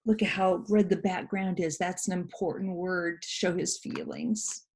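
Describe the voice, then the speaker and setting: A woman teacher giving a first grade writing lesson, reading a picture book aloud and pausing to explain words with patient asides. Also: lowish voice, steady tone, noisy background.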